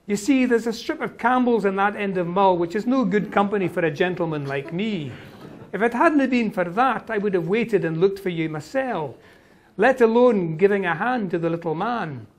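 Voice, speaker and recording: A man voicing a wry, boastful grown Highland clansman with a Scottish Highland accent, reading aloud from a novel. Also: animated, moderate pace. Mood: amused. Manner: lilting, amused storytelling.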